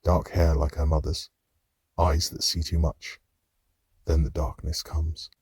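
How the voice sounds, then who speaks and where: Male audiobook narrator, very low husky voice, measured and somber, dry close-miked booth. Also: monotone, darkish tone, no room sound. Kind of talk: scripted first-person narration.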